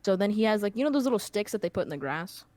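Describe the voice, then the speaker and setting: A young woman spins a loose, rambling story on her podcast. Her voice sits at an ordinary middle pitch. The sound is dry and close, with no room echo. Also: very fast. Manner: rambling, animated anecdotes with many fillers. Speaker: podcast host. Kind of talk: casual storytelling chat.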